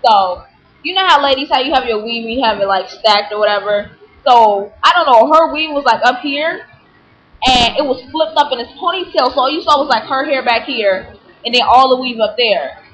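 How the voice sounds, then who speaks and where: A woman telling an animated, indignant story in a casual vlog, full of fillers. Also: high voice, moderate pace. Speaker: vlogger. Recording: dull lo-fi webcam audio with faint hiss.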